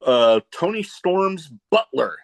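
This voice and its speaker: A man hosting a casual podcast chat, telling animated stories and laughing at his own jokes. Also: sits high, takes it slowly, gravelly. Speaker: podcast host.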